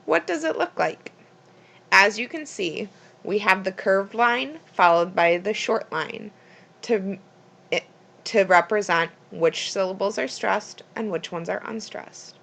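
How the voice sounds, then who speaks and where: A woman's voice: medium pitch, expressive, a little slow, gravelly, fairly bright tone. A woman reading a prepared school presentation plainly from her notes, with small slips and restarts.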